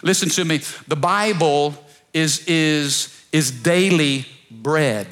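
A man pastor preaching a sermon to his church, calling on the congregation to repeat after him and swinging between soft pleading and loud shouts. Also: a little high. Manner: preaching with call-and-response, rising to shouts. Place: church service.

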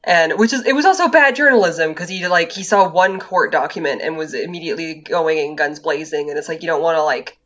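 A woman co-hosting a podcast, chatting in a relaxed way and filling gaps with "like" and "uh.". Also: sits low, fairly quick, few pauses. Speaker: podcast co-host. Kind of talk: casual chat. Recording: dull lo-fi mic.

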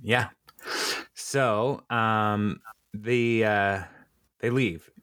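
A podcast co-host with a fairly low, steady, slightly bright and clean voice speaks very slowly. He rambles casually through a TV episode recap, with many ums and uhs and frequent laughter. The studio-quality recording has no room sound.

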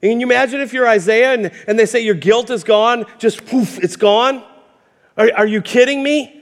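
High-voiced, impassioned male pastor preaching. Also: normal speed. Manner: impassioned, storytelling, repeats words when building up. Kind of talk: sermon. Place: church sanctuary. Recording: hall reverb.

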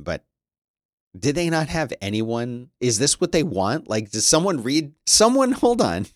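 A man giving casual commentary as a streamer, reading news aloud with sarcastic, animated remarks and frequent laughter. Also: medium pitch, no room sound, clean studio sound.

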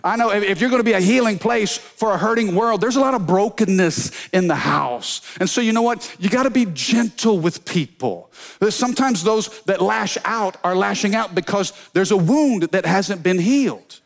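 A man preaching a sermon as pastor, energetic, telling funny stories and calling out to the congregation. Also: high-pitched, moderate pace, vocal fry. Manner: energetic preaching with call-and-response; storytelling with humor.

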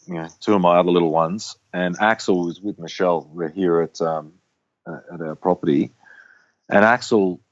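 A man's voice: low voice, no room sound, highs cut off. A middle-aged man chatting as a guest, reflective and rambling with many restarts. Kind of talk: casual conversation.

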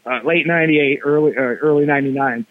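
A man guest on a wrestling podcast, telling stories in a casual, animated way, acting out what people said with slangy asides. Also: on the high side, fast talker, dry recording. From Cleveland area. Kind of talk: casual storytelling chat. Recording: tinny phone line, dry.

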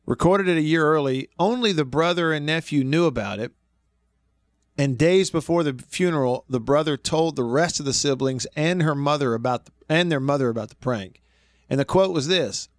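A man's voice: fairly high pitch, normal speed, no echo. A male sports radio host chatting casually on air and laughing often as he tells a story. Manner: laughs often while telling stories. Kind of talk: casual radio show chat.

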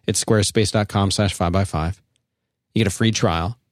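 A man's voice: deep voice, steady tone, moderate pace, no room sound. Guy hosting a call-in podcast, jokey and loose, dry room sound. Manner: chatty, joking, reads an ad loosely. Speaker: podcast host taking calls. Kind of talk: casual call-in podcast talk.

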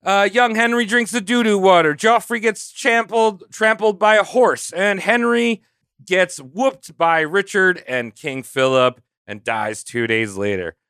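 A man's voice: sits high, measured pace, pushed and bright, clear, resonant tone, no echo, studio quality. A man on a comedy podcast, retelling history in a loose, joking way full of "like" and "you know.". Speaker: podcast co-host telling history. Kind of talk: casual comedic history storytelling.

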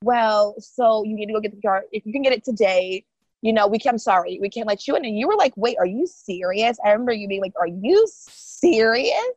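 A woman's voice: medium pitch, quick pace, dry recording. Woman podcast guest, dry muffled sound. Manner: animated, quotes others in lively voices. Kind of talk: casual storytelling chat.

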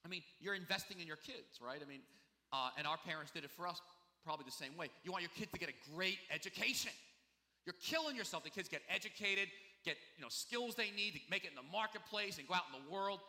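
A man's voice: sits high, lively intonation, fast, sharp tone, big-room sound. A man preaching a sermon as pastor, in a conversational, confessional way with many asides.

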